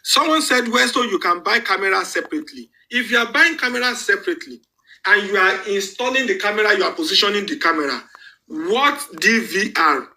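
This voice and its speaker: A man's voice: high-pitched, sharp tone, low-quality recording. A man with a Nigerian accent hosting an online panel, arguing emphatically, repeating his points and slipping into pidgin. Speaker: panel host. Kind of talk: live online panel commentary.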